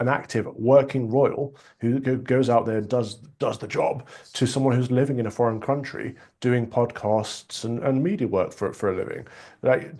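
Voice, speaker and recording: A man's voice: medium pitch, a little mellow. A man with an English accent speaking frankly as a panel guest, often restarting his sentences. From England. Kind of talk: opinionated panel discussion.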